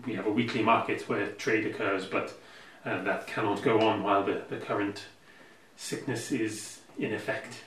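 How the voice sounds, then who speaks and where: A man's voice: on the low side, fairly even intonation, normal speed, fairly bright tone, roomy sound, recorded from a distance, lightly acted, poor audio. A man voicing a discreet male retainer who speaks formally, with careful hesitations. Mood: guarded.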